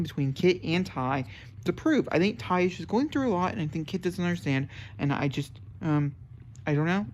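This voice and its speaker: A young man chatting casually to camera about a book he is reading, excitable and rambling, with sudden jumps up into high squeals. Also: a little hiss or hum. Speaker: book reviewer. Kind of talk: casual book vlog chat.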